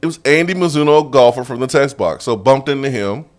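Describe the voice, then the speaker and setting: A man hosting a sports radio show, telling a story in a casual, animated way and laughing often, recorded in a studio. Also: mid-range voice, fast talker.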